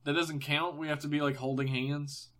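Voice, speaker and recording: A man's voice: a little high, level tone, moderate pace, a bit bright. A man guest on a podcast playing a gamebook, making dry, sarcastic jokes. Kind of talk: casual chat playing a gamebook.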